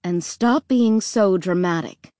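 A woman voicing a mother who speaks softly and coaxingly to calm her family. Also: on the low side, slow pace, no echo, clean studio sound. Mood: soothing. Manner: soft, coaxing.

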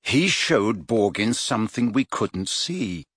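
A man's voice: lowish voice, big pitch swings, slow pace, fairly bright tone, husky, no echo, studio quality, full character voice. Man doing Harry, a stubborn insistent boy. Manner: insistent, earnest. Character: stubborn, earnest teenage boy.

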